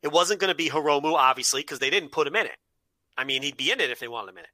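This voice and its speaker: A man's voice: on the high side, expressive, racing, bright, forceful tone, no echo. A man co-hosting a casual podcast chat, laying out his case point by point. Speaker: podcast co-host.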